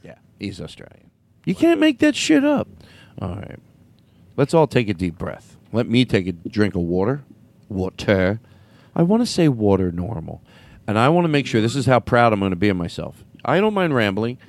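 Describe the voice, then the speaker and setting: A man's voice: lowish voice, sing-song, a little fast, gravelly, dry recording. Playful, teasing male comedy host. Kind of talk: comedic podcast banter.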